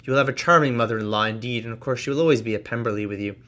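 A haughty young society lady, as a man reading aloud puts her on mocks and teases in quick, clipped phrases. Her voice sits at an ordinary middle pitch, with no great lift or softening. It is a man's own reading voice, only lightly shaded. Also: close to an everyday voice. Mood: mocking.

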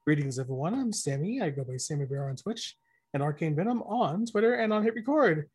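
A woman's voice: deep voice, animated, brisk, a little mellow, husky. A woman introducing herself as a player on a tabletop stream, theatrical and enthusiastic.

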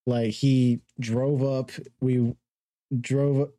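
A young man with a very dark, mellow voice tells a rambling story on a podcast, now and then laughing at his own tale. The sound is dry and close, with no room around it. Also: mid-range voice, level tone, drawn-out words, no room sound. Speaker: podcast co-host. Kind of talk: casual storytelling.

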